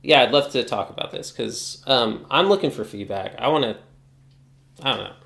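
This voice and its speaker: A man's voice: mid-range voice, normal speed, gravelly, a bit bright, echoey room. A man ranting casually in a vlog, exasperated and swearing often. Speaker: guitar hobbyist vlogger.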